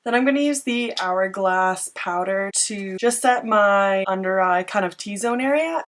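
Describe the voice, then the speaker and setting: A woman's voice: medium pitch, unhurried, fairly bright tone. Chatty young woman doing a makeup tutorial. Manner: chatty, self-mocking asides. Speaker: beauty vlogger.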